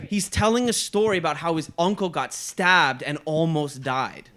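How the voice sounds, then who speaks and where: A young man from Canada, co-hosting a podcast, who tells a story in casual, animated chat, swearing and laughing as he goes. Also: on the high side, normal speed. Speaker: podcast co-host.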